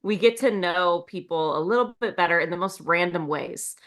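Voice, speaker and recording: A woman's voice: on the low side, moderate pace, fairly bright tone. A woman co-hosting a podcast, bubbly and enthusiastic in casual chat. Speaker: podcast co-host.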